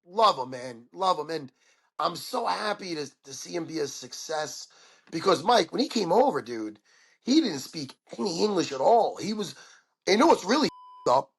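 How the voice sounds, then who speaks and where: A man, a podcast guest, telling stories in an excitable, profane way and acting out the quotes. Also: a little high, moderate pace, slightly rough. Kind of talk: animated storytelling chat.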